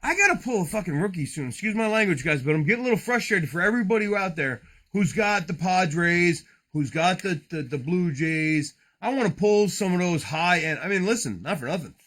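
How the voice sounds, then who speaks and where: Rowdy male card-break host, high and lively, bright voice, jokey rambling patter with cursing. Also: brisk. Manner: loud, joking, rambling, swears often. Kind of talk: casual livestream card break.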